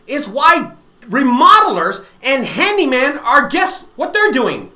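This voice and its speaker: A man talks straight to camera about his trade in a casual, animated monologue. His pitch swings up and down and his tone is bright and sharp. The room around him is echoey, and he often restarts and repeats lines to drive a point home. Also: slow pace. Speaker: junk removal business owner and channel host.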